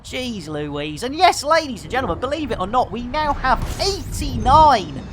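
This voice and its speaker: Into a desk mic, a British man riffs through jokey, rambling, innuendo-heavy commentary on a live game stream. His very high-pitched, sing-song voice keeps bouncing up and down, at a moderate pace.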